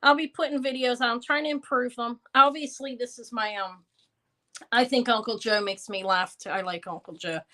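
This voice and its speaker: A woman's voice: a little high, normal speed, sharp tone. Chatty woman in her fifties selling jewelry. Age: 50s. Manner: rambling, chatty, answers viewers between items. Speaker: live jewelry seller. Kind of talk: casual live-stream sales chat.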